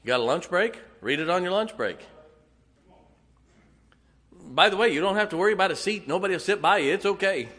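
A middle-aged man preaching a sermon, telling folksy, animated stories with asides to the congregation. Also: high voice, fairly quick, long pauses. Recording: long hall reverb.

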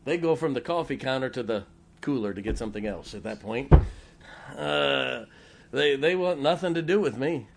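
A man preaching a folksy Baptist sermon, breaking into slow sung hymns and telling humorous stories. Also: medium pitch, vocal fry, slight background noise. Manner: breaks into hymns and scripture, sung slowly and loudly; storytelling with humor.

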